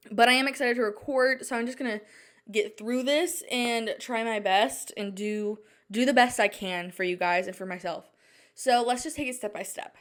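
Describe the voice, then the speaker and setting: A young woman talks alone into her podcast mic late at night, her voice at a middling pitch. She rambles and restarts, leaning on "like" as nerves keep getting the better of her. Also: a bit bright. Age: young adult. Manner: rambling, flustered, many "like" fillers and restarts. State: anxious and shaken. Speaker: podcast host. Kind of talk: casual solo chat. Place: at home at night.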